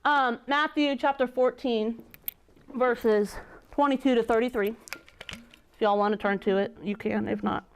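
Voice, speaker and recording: A young woman giving a casual youth sermon, reading scripture and chatting it over in a relaxed, conversational way. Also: a little high, unhurried, a little hiss or hum. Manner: chatty, conversational, many "like" fillers. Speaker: youth leader.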